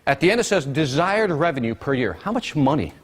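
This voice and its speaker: A man presenting a live business seminar to an audience, energetic, constantly quizzing the room with questions. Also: on the high side, a little fast.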